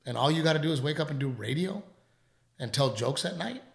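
A man's voice: a little high, expressive, brisk, gravelly, reverberant. A man quoting his father, who bluntly lectures his grown son about hard work. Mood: scolding.

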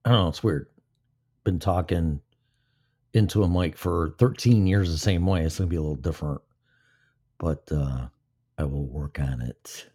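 With an extremely low, dark voice, a man hosts a live stream at a moderate pace broken by long pauses. The mic is off to the side of his mouth while he rambles and curses, killing time.

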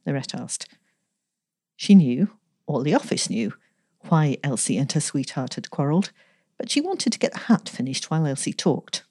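A woman reading a story aloud in a measured, gently expressive way, giving the characters light voices. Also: rumbling low, no room sound, clean studio sound. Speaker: story reader.

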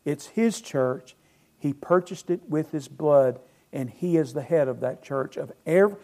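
Emphatic pastor preaching a sermon. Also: male voice, a little high. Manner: emphatic, asks the congregation questions and answers them; loudness swings widely between phrases.

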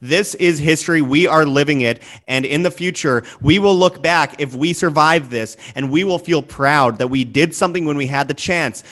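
Preachy, forceful male show host. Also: a little high, moderate pace, few pauses. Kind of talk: impassioned commentary.

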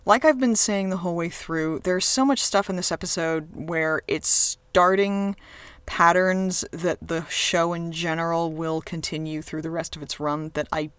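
On a dry recording, a smooth, slightly bright medium-pitched voice belongs to a TV episode reviewer. The talk is casual and sarcastic, rambling with frequent restarts and fillers, and he swears freely.

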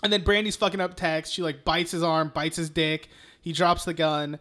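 A man's voice: fairly high pitch, flat delivery, normal speed, fairly bright tone. A man co-hosting a podcast, casually retelling a film scene by scene, swearing a lot and laughing as he goes. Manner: profane, rambling retelling with frequent laughs. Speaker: podcast co-host.

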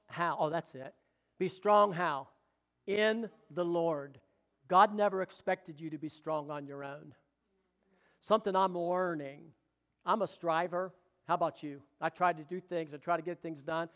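A middle-aged pastor with a drawl preaches in a fairly high voice. He calls out for amens and teases people in the pews between points. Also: measured pace, a bit bright. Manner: exclamatory, calls for amens and jokes with the congregation. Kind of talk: sermon.

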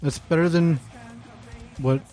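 A man's voice: fairly high pitch, steady tone, takes it slowly, warm tone, soft background music. A man hosting a casual podcast chat about a metal band, leading the talk and joking with his co-hosts. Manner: joking, leads the segment. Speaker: podcast host.

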